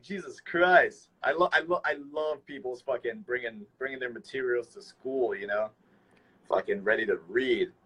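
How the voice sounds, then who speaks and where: A young man hosting a casual phone livestream, talking excitedly and swearing nonstop. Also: mid-range voice, breathy edge, low-quality recording. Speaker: livestream host.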